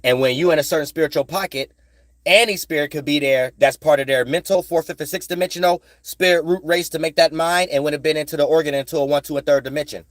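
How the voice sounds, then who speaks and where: A man with a somewhat high, steady voice talks fast in a clip with no echo. He's a spiritual vlogger on a rambling, profane, street-smart monologue, repeating lines in sing-song bursts and constantly asking "you know what I'm saying."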